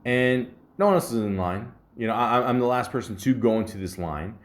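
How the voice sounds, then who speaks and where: Guy on his podcast rambling and cussing, pitch jumping all over, lots of uh and you know. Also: animated, brisk. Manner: profane, joking, rambling with many fillers. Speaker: podcast host. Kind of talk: casual rambling monologue.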